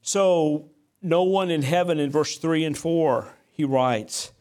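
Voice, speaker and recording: A man's voice: a little high, takes it slowly, a little mellow. A man preaching a sermon as a pastor, mixing folksy, self-deprecating stories with emphatic scripture reading. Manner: conversational storytelling mixed with emphatic scripture reading.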